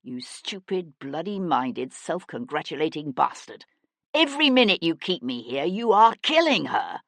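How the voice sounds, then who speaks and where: A woman voicing an intense, earnest young aristocrat detective who speaks low and urgently and swears when angry. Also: very animated, moderate pace, no echo. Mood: furious.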